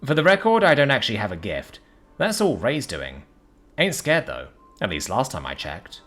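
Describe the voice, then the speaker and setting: Cocky swaggering guy, lively, a touch husky, played by a man in a storybook reading. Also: mid-range voice, moderate pace, voice pushed up. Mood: breezy. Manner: breezy, swaggering, teasing. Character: cocky, cheerful male human adventurer.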